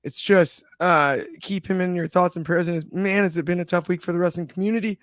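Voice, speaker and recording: A man hosting a podcast who talks in a subdued way, halting with many fillers. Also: sits high, steady tone, a bit bright, dry recording, studio quality. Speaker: podcast host. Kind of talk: casual podcast talk.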